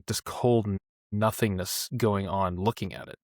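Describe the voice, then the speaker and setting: A man's voice: on the low side, steady tone, normal speed, darkish tone, no room sound, studio quality. A man hosting a book club podcast, talking eagerly about a novel with lots of fillers. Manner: enthusiastic, filler-heavy. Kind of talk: casual book discussion.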